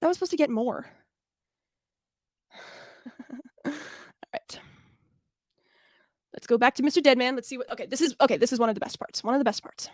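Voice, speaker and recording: A woman's voice: sits high, normal speed, long pauses, no room sound, clean studio sound. Breathless, blunt young woman streamer. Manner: blunt, self-deprecating, laughing. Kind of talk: casual chat.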